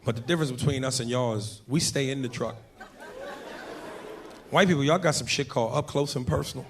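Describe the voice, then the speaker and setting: A man's voice: medium pitch, fairly quick, a little hiss or hum. A man doing a brash, profane stand-up set on a comedy stage before a live audience. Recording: live club mic, crowd laughter.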